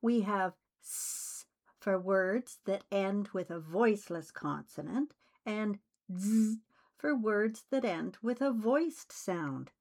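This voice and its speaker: A woman teaching English pronunciation in a slow, scripted way, carefully enunciating each sound. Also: medium pitch, animated, darkish tone. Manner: deliberate, carefully enunciated delivery.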